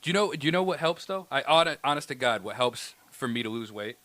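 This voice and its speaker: A man's voice: medium pitch, expressive, fast, fairly bright tone, dry recording. A man co-hosting a podcast in casual, self-mocking banter, laughing often. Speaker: podcast co-host.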